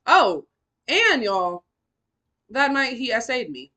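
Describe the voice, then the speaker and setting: Bright-voiced young woman, blunt and profane. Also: slow, pauses often. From California. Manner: blunt, profane, animated with big swings in pitch and loudness. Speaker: podcast host. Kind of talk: candid personal storytelling.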